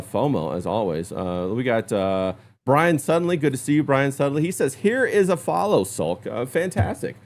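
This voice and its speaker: A man hosting a casual livestream talk show, upbeat, giving shout-outs to chat. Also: mid-range voice. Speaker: host.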